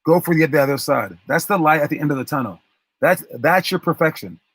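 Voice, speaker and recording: A man's voice: fairly high pitch, expressive, a little fast, fairly bright tone, dry recording. A man working as a basketball coach, giving a motivational talk to his players and retelling a story with acted-out quotes and frequent restarts.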